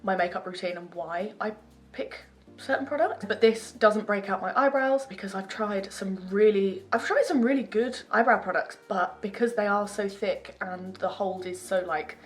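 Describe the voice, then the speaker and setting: A woman's voice: mid-range voice, normal speed. A young woman, chatting casually and rambling a little as she talks through her makeup routine. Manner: chatty, rambling, self-deprecating. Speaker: beauty vlogger. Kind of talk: casual chat.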